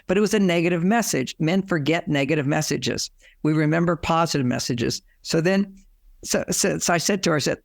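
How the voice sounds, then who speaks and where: A man's voice: fairly high pitch, brisk, vocal fry, no echo, studio quality. A man giving relationship advice as a guest, telling personal stories, chuckling and acting out quoted dialogue. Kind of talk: anecdotal advice talk.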